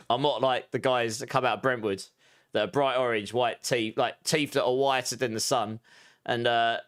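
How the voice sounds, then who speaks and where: A man's voice: medium pitch, fairly bright tone. A man in his thirties with an Essex accent, chatting casually with viewers while streaming a game and reading out their messages. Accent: Essex English. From southeast England. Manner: chatty, reads out viewer messages, quick asides. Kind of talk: casual live-stream chat.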